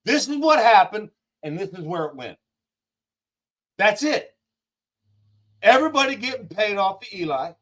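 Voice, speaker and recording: A man with a notably high voice rants as a call-in guest, blunt and full of swearing. His points come in rapid-fire jabs. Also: sing-song, a bit bright, low-quality recording. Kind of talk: heated profane rant.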